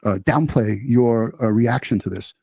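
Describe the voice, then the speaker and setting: A man's voice: mid-range voice, measured pace, creaky, dark tone, slightly rough, no room sound, clean studio sound. A man co-hosting a true crime interview show, earnest and indignant as he addresses the audience directly. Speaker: co-host of a true crime channel.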